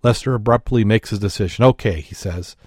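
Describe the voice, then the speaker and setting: A man co-hosting a podcast in casual chat, chatty and quick to laugh. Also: on the low side, darkish tone, dry recording, clean studio sound. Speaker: podcast co-host. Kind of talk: casual chat and joke telling.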